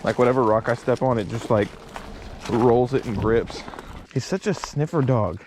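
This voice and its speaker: A man's voice: medium pitch, normal speed. A man casually vlogging on a hiking trail, talking to his viewers as guys, joking and chatty. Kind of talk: casual travel vlog. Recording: noisy outdoor recording.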